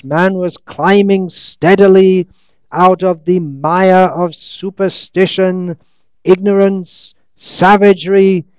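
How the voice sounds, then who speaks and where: Slow, high-voiced sarcastic male lecturer. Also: darkish tone, smooth, no echo. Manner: sarcastic, ironic asides; reads quotes slowly, stretches words. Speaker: monk lecturer. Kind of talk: scriptural lecture. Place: lecture hall in India.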